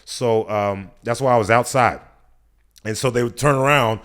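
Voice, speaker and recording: In a podcast studio, a guest comedian from the US, in his thirties, spins a casual story full of laughs and performed quotes. He talks briskly in a mid-range voice.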